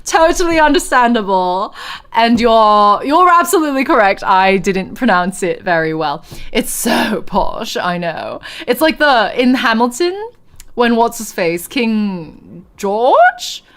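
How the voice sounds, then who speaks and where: A woman's voice: fairly high pitch, very animated, slow pace, fairly bright tone. A woman streamer chatting casually on a livestream, giggly and answering chat as she talks. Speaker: game streamer.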